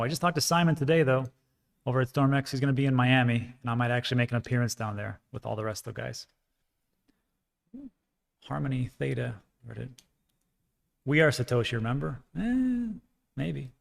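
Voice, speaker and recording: A man with a gravelly, creaky voice hosts a casual livestream and talks in a rambling, frank way. He drifts through fillers and restarts as he answers viewer comments, mid-pitched and easygoing. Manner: rambling, frank, self-deprecating, with frequent fillers. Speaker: crypto livestream host.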